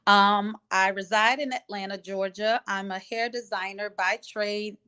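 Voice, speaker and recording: A woman's voice: medium pitch, fairly even intonation, a little slow, bright, forceful tone, clean tone. A woman with a Louisiana accent and a mid-range voice, chatting as a guest. She talks in an easygoing, laughing way over a video call from a hotel room. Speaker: guest, filmmaker. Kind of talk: casual interview chat.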